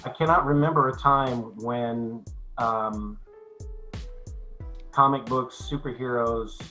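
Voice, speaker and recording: Older male actor guest, bright forward tone, halting with restarts, faint music bed. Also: medium pitch, fairly even intonation, low-quality recording. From United States. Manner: halting, many restarts and fillers, then clear and measured. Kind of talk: casual interview chat.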